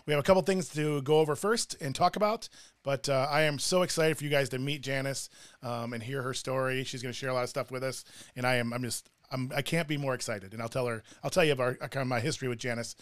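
A man's voice: mid-range voice, steady tone, fast talker, no room sound. A man co-hosting a faith and family talk show, speaking casually in a rambling, emotional way, often breaking off mid-sentence. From Irish heritage. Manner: emotional, rambling, self-interrupting. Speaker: podcast co-host. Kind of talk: casual chat. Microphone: studio mic with cough button.

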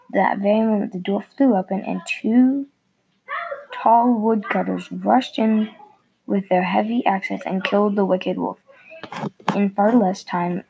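A woman reading a fairy tale aloud in a gentle storybook manner, with a few slips. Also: mid-range voice, gravelly, husky, poor audio.

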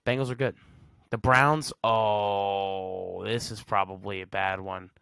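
Low gravelly man casually chatting. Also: steady tone, takes it slowly, a bit bright, no room sound. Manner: slangy, reads facts aloud and reacts with blunt verdicts. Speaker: podcast host. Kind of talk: casual solo podcast chat.

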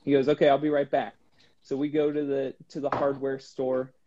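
A man's voice: medium pitch, moderate pace. A man who is a guest on the show, telling a story in a casual chat and acting out the dialogue with animation. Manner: animated retelling with acted-out dialogue. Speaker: guest, long-distance hiker. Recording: dull lo-fi sound with faint noise.

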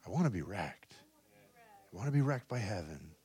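A man preaching a charismatic sermon, swinging between loud exhortation and soft, intimate asides, often adding "come on" and "right?". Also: on the low side, sing-song, brisk, slightly rough. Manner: peppers talk with "come on" and "right?".

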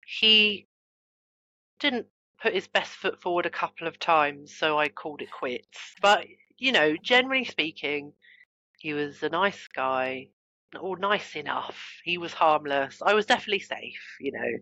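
A woman guest on a podcast interview, telling personal stories in an animated, self-mocking way with frequent restarts. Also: deep voice, measured pace, highs cut off. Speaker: guest, author and trauma coach.

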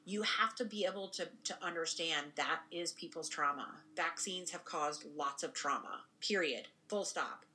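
Podcast co-host, young woman, low pitch, rambling casual talk full of tag questions. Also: bright, forceful tone, a little hiss or hum, rough recording. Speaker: podcast co-host and spiritual practitioner. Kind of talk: casual conversation.

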